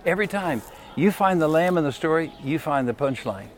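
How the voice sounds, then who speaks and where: A man's voice: on the high side, lively intonation, fairly quick, a little hiss or hum. A man preaching a sermon in a folksy, emphatic way, often putting questions to the congregation.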